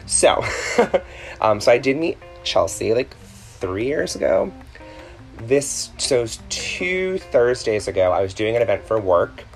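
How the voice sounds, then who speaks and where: A man hosting a podcast in a casual, rambling chat, full of ums and self-corrections. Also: on the low side. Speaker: podcast host.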